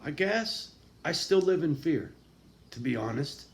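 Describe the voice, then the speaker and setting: A man's voice: very animated, a little slow. Profane, raw-voiced man venting. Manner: raw, profane and emotional, swearing constantly; swings from low and quiet to loud and angry. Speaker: vlogger. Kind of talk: confessional monologue to camera.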